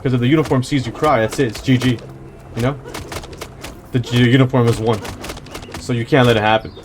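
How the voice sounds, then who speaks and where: A man's voice: mid-range voice, steady tone, a little fast, background noise. A young man hosting a let's play, rambling through casual jokey stories and swearing now and then between game moves. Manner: rambling, swears, joking anecdotes. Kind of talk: casual gameplay commentary.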